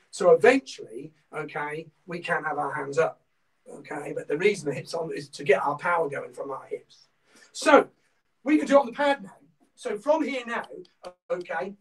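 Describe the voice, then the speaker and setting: A man's voice: sits high, lively intonation, normal speed, recorded from a distance, poor audio. Norfolk man teaching a martial arts class. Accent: Norfolk English. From England. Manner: instructive, peppers talk with "okay?"; shouts counts during drills.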